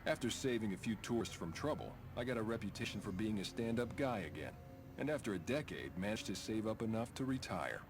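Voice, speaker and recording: A man voicing a retired ex-bodyguard in a video game, telling his past in an even, matter-of-fact way. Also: on the low side, brisk, a little hiss or hum. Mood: reflective.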